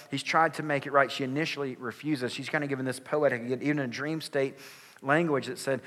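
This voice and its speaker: A man's voice: mid-range voice, steady tone, a little fast, fairly bright tone, in a large hall. A male pastor giving a sermon in an earnest, conversational way, with casual filler words.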